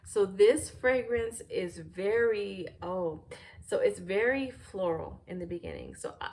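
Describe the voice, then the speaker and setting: A woman reviewing fragrances in a casual, thoughtful way, often pausing with "um" while searching for words, at home near a fireplace. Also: medium pitch, sing-song, vocal fry, a little mellow.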